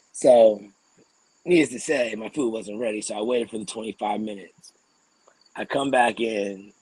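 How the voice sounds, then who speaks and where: Husky man ranting, clearing his throat. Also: on the low side, unhurried, pauses often, dry recording, rough recording. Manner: animated, profane ranting with frequent throat clearing. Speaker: podcast co-host. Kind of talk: casual podcast storytelling.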